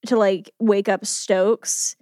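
A woman's voice: medium pitch, level tone, slow, warm tone, dry recording, clean studio sound. A woman in casual chat as a podcast co-host, chatty and giggly, repeating words for effect.

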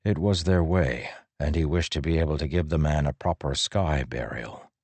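A man doing scripted narration of an audiobook in a steady, unhurried way. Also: rumbling low, no room sound.

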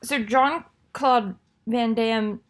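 A woman with a slightly high voice chats casually as a co-host. She playfully cuts in with short questions and silly jokes. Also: drawn-out words. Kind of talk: casual chat.

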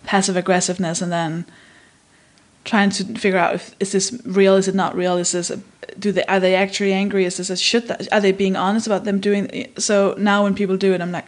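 A woman from Denmark with a Danish accent, hosting a podcast in casual chat, frank and quick to laugh. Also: mid-range voice. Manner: lively, frank, laughs easily. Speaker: podcast host.

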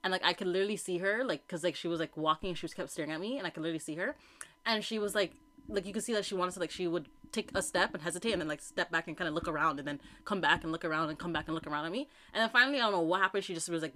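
A woman's voice: on the low side, rapid-fire. A young woman co-hosting a podcast, chatting casually and acting out quotes as she tells stories. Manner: animated storytelling with acted-out quotes. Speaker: podcast co-host. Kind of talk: casual chat.

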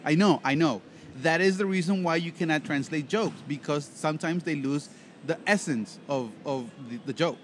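A man with a slightly raised pitch hosts a loose podcast conversation and drifts between jokes and stories. His talk is rambling and playful. A faint hiss sits under his voice. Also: normal speed. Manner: rambling, joking storyteller. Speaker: podcast co-host. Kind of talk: casual podcast chat.

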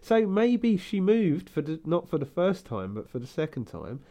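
A man's voice: on the high side, sing-song, moderate pace, mellow. Chatty, rambling podcast man. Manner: rambling, laughs often, puts on camp voices. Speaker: podcast co-host. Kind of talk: casual chat.

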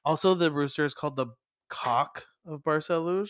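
A tipsy man co-hosting a podcast, retelling a story in a profane, giggly, animated way. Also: fairly high pitch, a little fast, slight background noise. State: tipsy from drinking. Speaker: podcast co-host. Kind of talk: casual storytelling chat.

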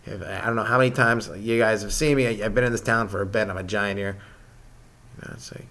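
A man doing a rambling stand-up comedy monologue, his voice jumping up in pitch and volume as he gets worked up. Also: fast talker. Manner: animated, jumps in pitch and volume when ranting.

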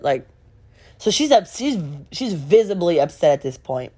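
A woman telling a gossipy story in casual storytime style, animated and laughing along. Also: mid-range voice, normal speed.

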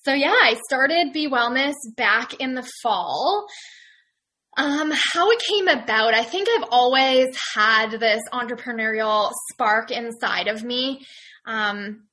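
A woman's voice: fairly high pitch, slow pace, sharp tone. A young Canadian woman, a small business owner, chatting as a guest in an upbeat, enthusiastic way. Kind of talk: casual interview chat.

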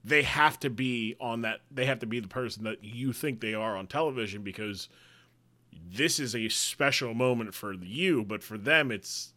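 Laid-back male co-host with a bright tone, easygoing rambling chat. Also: mid-range voice, moderate pace. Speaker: podcast co-host. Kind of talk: casual chat.

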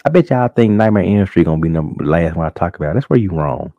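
A man hosts a casual solo podcast, his low voice gravelly and husky as he tells his stories with animated energy. The recording is dull and lo-fi, dry and close, like a home setup. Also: quick pace, no echo. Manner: animated storytelling, acts out shocked reactions in high voice. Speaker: podcast host.

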